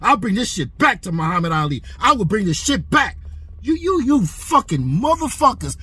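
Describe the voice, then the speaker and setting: Sitting high in pitch with a sing-song lilt, this man's voice sounds sharp and slightly rough at a moderate pace. On his boxing commentary channel he rants heatedly to camera, aggressive, profane and repetitive.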